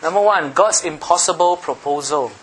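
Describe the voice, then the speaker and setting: A man's voice: a little high, moderate pace, fairly bright tone, a little hiss or hum. A male pastor giving a sermon in a playful, teasing way, often checking in with his listeners.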